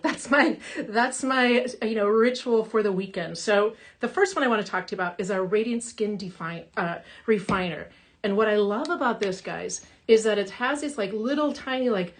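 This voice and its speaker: A woman makeup artist hosting a casual live session from home, chatty and upbeat, reading viewer comments aloud as she talks. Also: fairly high pitch. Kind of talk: casual live-stream talk. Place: home in Minnesota.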